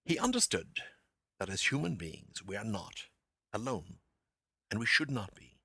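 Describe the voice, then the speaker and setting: A man hosting a literary lecture podcast, talking to the listener in an animated, theatrical way with playful asides. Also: lowish voice, a little slow, creaky, breathy edge, dry recording.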